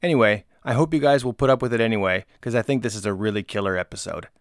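A man's voice: fairly low pitch, quick pace. A man hosting a podcast, chatting casually and laughing easily with his guest. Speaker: podcast host.

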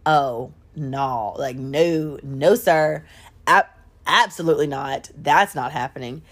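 A woman's voice: fairly low pitch, lively intonation, brisk. Woman doing a flustered, firm woman. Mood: exasperated. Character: shocked woman desperate to get rid of a guest.

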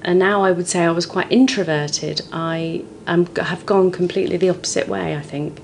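A woman's voice: fairly low pitch, normal speed, gravelly, slight background noise. Frank storytelling woman in her forties. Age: 40s. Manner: frank, expressive storytelling with lively swings. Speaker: guest, comedian. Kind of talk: candid podcast conversation.

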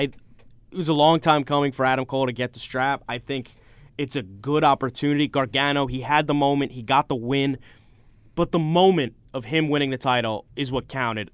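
Smooth-voiced young male radio host. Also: medium pitch, fairly quick, no room sound. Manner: animated, opinionated, talks over co-hosts. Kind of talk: casual sports talk radio. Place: college radio studio. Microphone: studio microphone.

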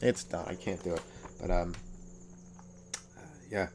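A man, a comedian hosting his own podcast, riffing through a stand-up monologue, swearing freely and breaking into loud exaggerated voices. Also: sits low, fairly even intonation, measured pace, gravelly, a little hiss or hum. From Canada.

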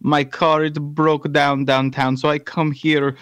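A man's voice: on the high side, little pitch movement, measured pace, fairly bright tone, clean tone. A man voicing a friendly, apologetic stranger at the door at night, in a Bosnian accent.

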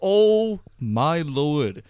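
A man's voice: on the high side, big pitch swings, very slow, darkish tone. A young man, laid-back and swearing as he recounts a gaming night in a casual chat. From Canada. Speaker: podcast co-host.

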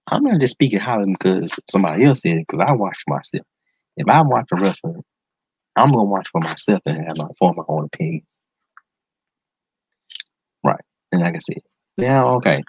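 Male podcast host, casual and slangy, excitable, husky low voice, lo-fi mic. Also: normal speed, pauses often, dry recording. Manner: enthusiastic, slangy, repeats words for emphasis. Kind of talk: casual solo podcast commentary. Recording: dull lo-fi sound, dry close mic.

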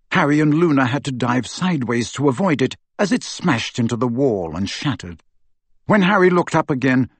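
A man reads a fantasy novel aloud, lively and expressive, his pitch rising and falling with the action. His voice is slightly breathy and recorded close and dry. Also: dry recording. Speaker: audiobook narrator. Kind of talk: scripted narration.

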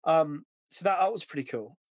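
A man chats casually as a podcast host, his voice sitting slightly high. He rambles, loses his thread and laughs along the way. The sound is dry and close. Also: animated, normal speed, dry recording, dull audio. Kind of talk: casual chat.

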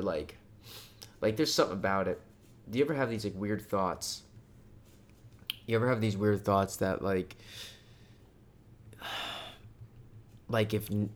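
A man in casual chat, telling stories loosely and profanely, with bursts of loud joking. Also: lowish voice.

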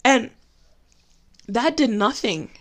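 A woman giving a personal Christian testimony in a candid, conversational way, slowing down to stress key phrases. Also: on the high side, lively intonation, fairly bright tone. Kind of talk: personal faith talk.

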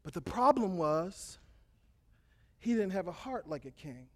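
A man with a high, bright voice preaches to young people. He tells the story in a loose, slangy, joking way and keeps it animated. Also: unhurried. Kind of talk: casual storytelling sermon.

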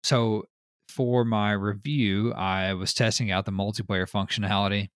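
A man hosting a podcast in casual chat, telling stories in an animated way, laughing often and swearing casually. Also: on the low side, measured pace, no echo, studio quality. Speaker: podcast host.

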